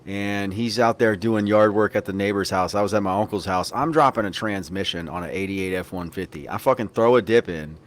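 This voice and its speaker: A man's voice: lowish voice, a little fast, hardly any pauses. A man hosting a podcast, telling rambling, profanity-laced stories in casual chat. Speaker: podcast host.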